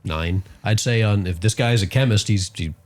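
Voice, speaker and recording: Laid-back low-voiced man telling a story. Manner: storytelling, laughing often, halting restarts. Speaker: podcast co-host. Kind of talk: casual chat. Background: other hosts chatting.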